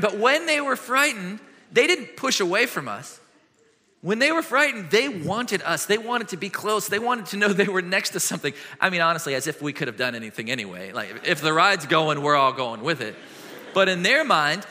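A middle-aged man preaching a sermon as a pastor, telling stories with lively swings between loud and hushed. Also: high voice. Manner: animated storytelling with quick shifts from loud to hushed. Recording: long hall reverb.

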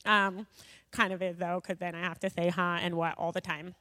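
A woman's voice: lowish voice, level tone, normal speed, sharp tone. A woman sharing a personal faith story with a gathering in a chatty way, full of fillers and asides. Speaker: speaker sharing a personal testimony. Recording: long hall reverb.

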